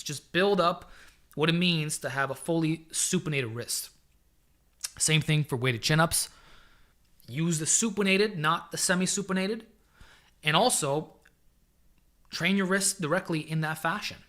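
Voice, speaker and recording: A man hosting a casual live-stream Q&A as a fitness coach, giving training advice in an energetic, chatty way and calling viewers "man", speaking into a desk microphone he sometimes leans away from. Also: fairly high pitch.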